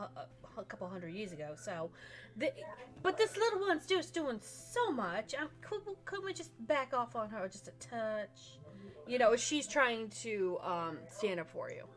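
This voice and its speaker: A woman voicing a gentle, protective female vampire companion who talks in a soothing, reassuring way. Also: a little high, close to an everyday voice.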